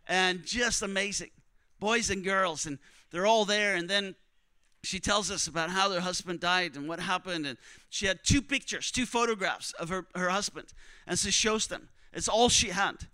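A young man preaching, telling a missionary story with strong emotion, often dropping to a hush for other people's words. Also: high-pitched, unhurried, clean tone, no echo. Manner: emotional, quotes others in hushed voices. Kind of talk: sermon storytelling.

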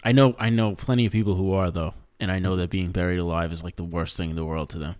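A man's voice: low voice, fairly even intonation, fast talker, darkish tone. A man co-hosting a podcast in casual, jokey, rambling chat, laughing often. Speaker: podcast co-host.

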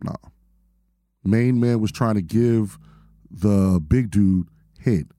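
Casual, profane podcast host. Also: male voice, lowish voice, slow, mellow, dry recording, studio quality. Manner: laid-back storyteller, swears freely.

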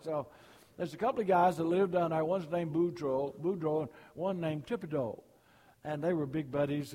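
Folksy older preacher. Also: male voice, fairly high pitch, darkish tone, in a large hall. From Alabama. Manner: folksy, storytelling. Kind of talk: folksy sermon with jokes.

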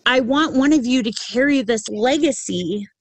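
A middle-aged woman hosts a casual podcast, speaking with earnest emphasis and an easy laugh. Her voice sits on the high side. The sound is close and dry, with no room around it. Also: expressive, normal speed, no echo, poor audio. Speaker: podcast host.

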